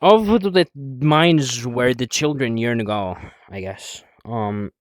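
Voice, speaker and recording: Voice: mid-range voice, slow pace, dry recording, studio quality. A young adult streamer chatting casually while playing a VR game, rambling, swearing and answering chat, a bit out of breath.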